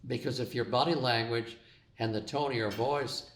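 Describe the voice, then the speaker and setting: A man's voice: medium pitch, fairly even intonation, normal speed. A man co-hosting a casual talk with his wife, easygoing and loose, with plenty of ums and you-knows. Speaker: co-host. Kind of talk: casual chat. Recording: echoey room.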